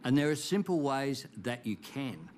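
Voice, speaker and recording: A middle-aged Australian man delivering a formal, measured televised address, reassuring in tone. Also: mid-range voice, big pitch swings, darkish tone, slight background noise. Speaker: national political leader.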